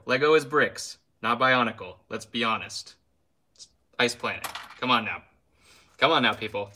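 A man's voice: mid-range voice, normal speed, bright, forceful tone. A young man hosting a casual live stream, ranting with heat, then apologizing with a laugh and reading out viewer names. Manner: reads viewer names aloud.

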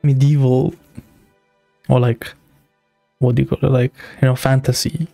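Guy reacting to a game, gravelly low voice, rambles with tons of likes and you knows. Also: level tone, unhurried, warm tone, dry recording, soft background music. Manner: rambling, heavy on filler words. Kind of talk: casual game reaction commentary.

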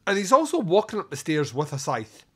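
A man hosting a podcast, reviewing a film in casual chat, animated, swearing freely and laughing often. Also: fairly high pitch, fairly quick, breathy edge. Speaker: podcast host.

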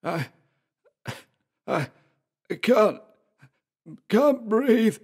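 A man's voice: on the high side, wildly swooping pitch, moderate pace, voice pushed up. A man doing a stammering, frightened large man. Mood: panicked. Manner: stammering, faltering.

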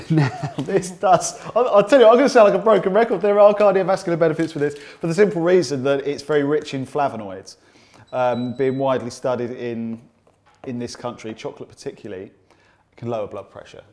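A man's voice: fairly high pitch, fairly quick, darkish tone. A man talks through a recipe in a home kitchen, explaining as he goes. He is chatty and easygoing, and his voice often drops and trails off at the ends of phrases. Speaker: nutrition expert cooking. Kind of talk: casual cooking demonstration.

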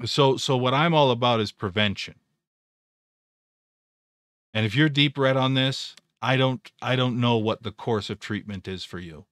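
A man's voice: medium pitch, a little slow, a bit bright, no room sound, studio quality. A man hosting a live stream, talking casually through stock charts, rambling with repeated words and jokes. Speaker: trading educator.

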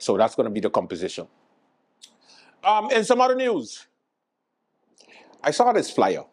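A man hosting a late-night show, delivering a loose, rambling comedic news monologue. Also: on the low side.

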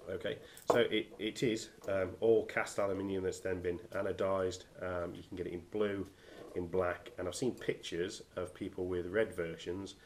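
Bloke from the uk with a cold, nasal and super low, lots of ums, chatty gear review, bit of noise. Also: male voice, creaky. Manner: hesitant, many ums and restarts. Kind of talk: casual product review.

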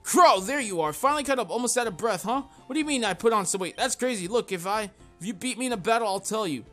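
A man's voice: high voice, animated, quick pace, a bit bright, soft background music, voice pushed up. A man reading out a teasing young rival trainer's lines from a game, in a playful tone.

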